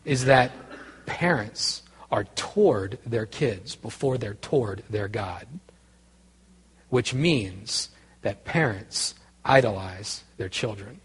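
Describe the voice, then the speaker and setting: A man preaching a conversational sermon, telling a story with restarts and growing quiet and earnest. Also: fairly low pitch, expressive, takes it slowly, breathy edge, big-room sound. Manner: conversational, self-interrupting, grows quiet and earnest. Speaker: pastor.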